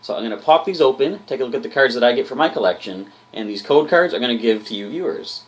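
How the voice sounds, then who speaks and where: A man's voice: mid-range voice, expressive, quick pace. A man hosting a booster pack opening, chatting upbeat and directly to his viewers. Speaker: host of a card game channel.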